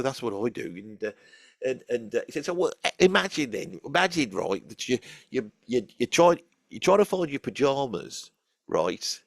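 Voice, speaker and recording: A man's voice: medium pitch, creaky, no room sound, studio quality. A man playing a rambling, foul-mouthed old rock fan from Birmingham, speaking with a Birmingham accent and repeating himself with chummy asides to his listeners. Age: older. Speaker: channel host in character. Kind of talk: comic character monologue.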